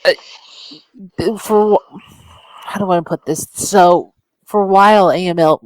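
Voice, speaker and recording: A man co-hosting a podcast in casual chat, speaking haltingly and searching for words. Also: high voice, steady tone, clean tone, no room sound, rough recording. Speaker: podcast co-host.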